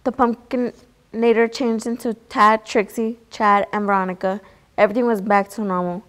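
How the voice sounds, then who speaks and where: Brief: woman storybook reader, mid-pitched, plain read-aloud with the odd stumble. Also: steady tone, moderate pace, a bit bright. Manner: plain read-aloud with small slips and restarts. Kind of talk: reading a children's picture book aloud.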